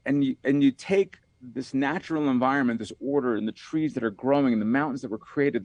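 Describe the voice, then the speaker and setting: Gravelly-voiced man musing on a podcast. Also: mid-range voice, a little mellow, no echo. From New York. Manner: rambling, leans heavily on "you know", repeats words. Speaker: author and podcast guest. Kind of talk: reflective podcast conversation.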